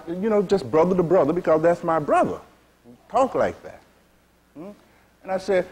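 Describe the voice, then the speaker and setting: Lively-pitched man, preachy, frank sermon, rhetorical questions. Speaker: spiritual teacher. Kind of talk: sermon to a seated audience.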